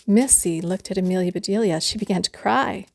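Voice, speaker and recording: Woman storyteller, mid-pitched, gentle and unhurried, reading a bedtime picture book. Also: gravelly.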